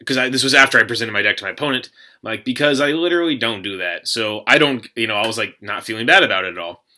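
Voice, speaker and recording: Bright-voiced young man rambling a story. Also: fairly low pitch, fast. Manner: rambling, animated, many fillers and restarts. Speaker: card game player recounting a tournament. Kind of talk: casual storytelling to camera.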